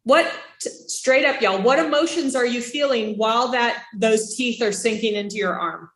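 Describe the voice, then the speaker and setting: A woman's voice: a little high, normal speed. Chatty woman lecturing in an echoey classroom. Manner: lively, acts out reactions with gasps and voices. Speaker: child development instructor. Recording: roomy classroom echo.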